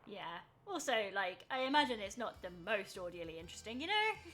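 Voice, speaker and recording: A woman's voice: mid-range voice, very animated, brisk, bright, forceful tone, slight background noise. Chatty self-mocking woman streamer. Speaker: streamer playing a video game. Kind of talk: casual let's-play chat, reading game text aloud.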